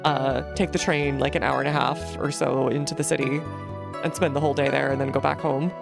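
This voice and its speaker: Brief: low, gravelly-voiced woman streamer from New Jersey, chatty and rambling over game music. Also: flat delivery, fairly quick. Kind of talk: casual gaming commentary.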